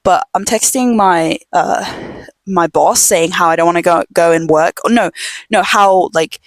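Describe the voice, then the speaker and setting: Soft-spoken young woman, rambling chat. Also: on the low side, measured pace, no echo. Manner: rambling, filler-heavy storytelling with many "like"s; drops to a hush at times. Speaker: podcast host. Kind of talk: casual chat. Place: home.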